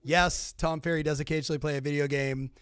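A man's voice: a little high, fairly even intonation, fast, fairly bright tone, clean tone, dry recording, studio quality. A man hosting a podcast, chatting casually and joking with his guest. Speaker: podcast host. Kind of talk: casual chat.

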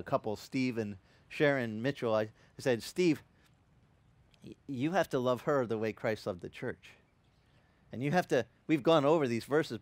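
A man preaching a sermon as pastor, telling stories and acting out quotes with animated energy. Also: on the high side, no room sound. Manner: animated storytelling with acted-out quotes. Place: church.

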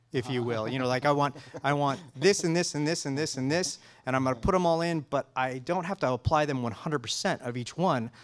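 A man speaking as a color scientist guest in a casual technical interview, enthusiastic and full of restarts and fillers. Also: mid-range voice.

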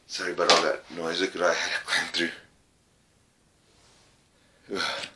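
A middle-aged man exploring an old abandoned trailer on a casual ghost-hunting vlog, talking in a halting, folksy way and repeating his words. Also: low voice, monotone, pushed and bright, breathy edge. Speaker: paranormal vlogger.

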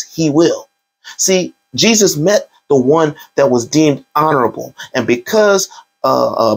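A man's voice: on the high side, creaky, husky. A male pastor preaching a sermon, fervent, with repeated cries and prayerful appeals. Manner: fervent, repetitive crying out in prayer.

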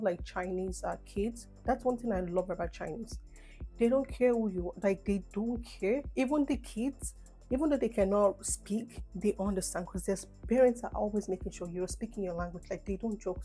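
A young woman from Nigeria with a Nigerian accent, chatting casually in a rambling get-to-know-me vlog. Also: mid-range voice. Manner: chatty, rambling, animated asides. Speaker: vlogger.

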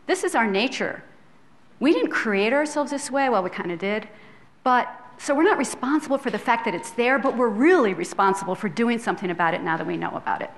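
Earnest woman lecturing with a raised pitch. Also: lively intonation, fairly quick, slight background noise. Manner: earnest, conversational, with tag questions. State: tearful at times. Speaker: public health professor giving a talk. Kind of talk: public lecture. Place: lecture hall, filmed.

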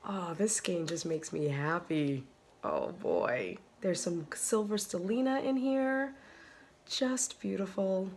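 A woman vlogging casually to her phone by a bright window at home, chatting and gushing over yarn with breathy exclamations. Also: fairly low pitch, animated, slow. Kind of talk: casual chat to camera. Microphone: phone camera.

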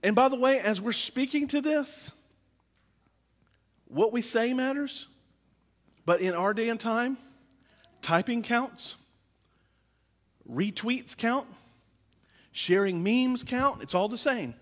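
A male pastor with a high-pitched voice delivers a sermon in a loose, conversational way, leaning on repeated phrases to drive points home. His voice rings out with the long reverb of a church sanctuary. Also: animated, slow pace, long pauses, a bit bright.

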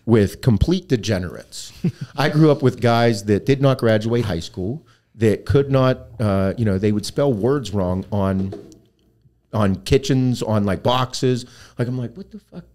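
Low-voiced man telling profane stories. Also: a little slow. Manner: profane, animated storyteller who laughs at his own stories. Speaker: podcast guest. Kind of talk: casual storytelling interview.

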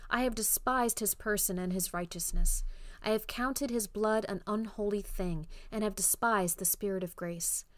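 A woman's voice: mid-range voice, moderate pace, no room sound, natural voice. Woman reading as a despairing caged man. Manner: mournful, heavy with regret. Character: despairing man locked in an iron cage.

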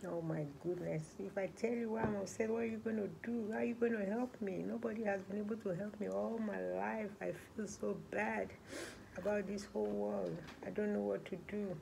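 A woman's voice: mid-range voice, fairly even intonation, brisk, gravelly, noisy background. A young woman playing a hopeless fourteen-year-old girl in a group home, bitter and pleading, in a student role-play scene. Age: young adult.

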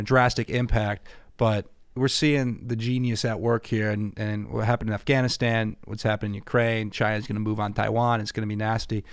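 Blunt, fast-talking man, dry close sound. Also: medium pitch, clear, resonant tone, dry recording. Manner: blunt, emphatic opinions. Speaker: guest. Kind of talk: political commentary chat.

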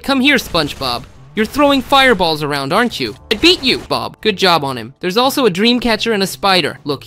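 Excitable man narrating gameplay. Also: high-pitched. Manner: excitable, shouting exclamations at viewers. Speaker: gameplay video host. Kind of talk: gameplay commentary.

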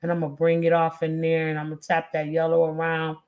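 A woman's voice: low voice, monotone, fast, highs cut off. A woman hosting an art stream, chatting casually with viewers as she paints. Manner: chatty, drawling, talks to viewers while painting.

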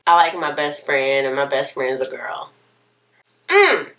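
A young woman tells a personal story straight to her camera, candid and expressive. Her pitch swings up and down a lot and her tone is bright. She sits a little way back from the mic indoors. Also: extremely slow, pauses often, recorded from a distance. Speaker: vlogger. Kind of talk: casual storytelling.

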